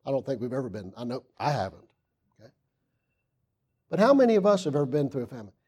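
A man preaching a sermon, reading scripture aloud and asking the congregation questions, swinging from loud emphasis to hushed asides. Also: medium pitch, big pitch swings, fast talker, slightly rough.

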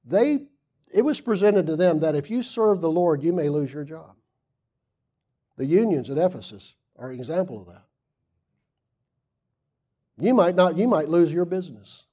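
A man preaching a sermon, reading scripture aloud and asking the congregation questions, swinging from loud emphasis to hushed asides. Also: on the high side, lively intonation, moderate pace, pauses often.

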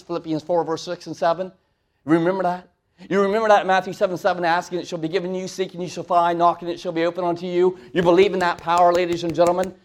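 A preacher giving a conversational sermon, asking the congregation questions. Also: male voice, fairly high pitch.

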